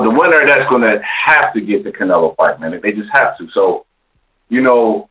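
Easygoing low-voiced male caller. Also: fairly bright tone, low-quality recording. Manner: easygoing, peppers talk with "man" and "you know". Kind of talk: casual call-in chat.

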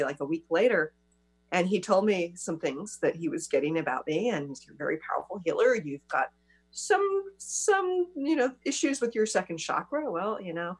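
Woman talk-show host, lower pitch, easy chat, lots of affirming. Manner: warm listener, frequent affirmations. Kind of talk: casual interview chat.

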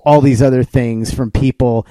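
A podcast host with a warm, mellow voice recounts events with building excitement. The sound is dry and close, with no room around him. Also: male voice, medium pitch, moderate pace, no echo. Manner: excited storytelling, animated retelling. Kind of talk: casual podcast chat.

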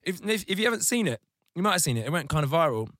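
Animated ranting man, dry close mic. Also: racing, no echo. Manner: animated ranting, mocking voices in sudden high squeals. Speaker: podcast host. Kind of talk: casual comedic podcast chat.

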